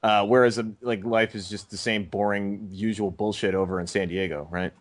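A man's voice: fairly low pitch, normal speed. Sarcastic young American man rambling. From United States. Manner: sarcastic, rambling, deadpan mock-serious. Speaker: podcast co-host. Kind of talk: casual comedic podcast banter.

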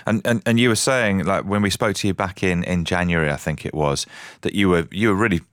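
A male breakfast radio presenter interviewing a guest, gentle and prone to stammered restarts. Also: low-pitched, a little fast, no room sound, clean studio sound.

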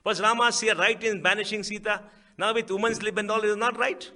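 A man's voice: sits high, fairly even intonation, a little fast, pushed and bright. A man with an Indian accent giving a public speech at a book event, emphatic, asking rhetorical questions and repeating key phrases. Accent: Indian English.

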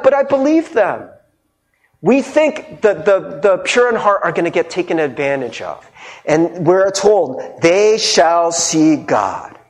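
Animated, high-voiced male pastor preaching. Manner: animated, conversational, laughs and mimics people. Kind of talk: sermon.

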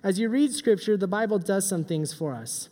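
A middle-aged man giving a joking, animated youth sermon as a pastor. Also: high voice, normal speed. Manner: joking, animated, does silly voices. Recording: long hall reverb.

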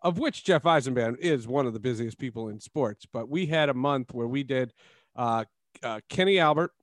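A man hosting a sports podcast, telling stories in a casual, animated way and laughing often. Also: medium pitch, normal speed, dry recording. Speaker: podcast host.

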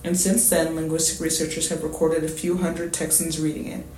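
Polite guy interviewer, high-ish voice, echoey room, faint hiss. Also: little pitch movement, fairly quick, darkish tone. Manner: polite, formal and reassuring. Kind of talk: scripted interview questions.

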